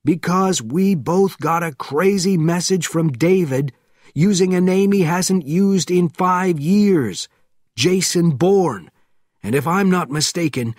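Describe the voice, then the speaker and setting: A man's voice: on the high side, slow, darkish tone, no room sound, studio quality, pitched above the performer's own voice. A man voicing an anxious middle-aged former spy with a limp, giving urgent commands in a storybook reading.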